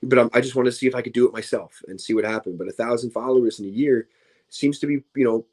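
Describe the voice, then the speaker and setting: A professional wrestler chats casually as an interview guest, sounding tired and yawning as he rambles with many restarts and fillers. His voice is mid-range and a little mellow, and he talks fast.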